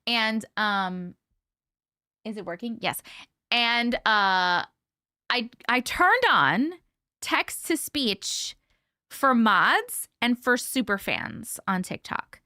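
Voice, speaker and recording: A woman's voice: a little high, very animated, very slow, pushed and bright, dry recording, clean studio sound. A woman hosting a casual live stream, greeting viewers one by one in a bubbly, sing-song way and giggling often. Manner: chatty and giggly.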